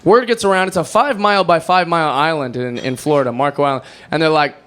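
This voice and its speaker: High-voiced man telling a rambling story. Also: fast talker. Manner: rambling, animated, self-mocking. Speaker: stand-up comedian. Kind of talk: stand-up storytelling.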